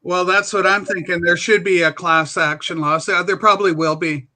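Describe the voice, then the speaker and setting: A man's voice: high voice, fairly even intonation, normal speed, sharp tone. A man in his sixties chatting enthusiastically on a video call. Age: 60s. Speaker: guest. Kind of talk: casual video chat.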